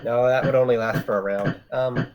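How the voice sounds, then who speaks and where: A man's voice: mid-range voice, fairly even intonation, brisk. Casual man player asking about rules. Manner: casual, asks rules questions, thinks aloud. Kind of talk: playing a live tabletop game.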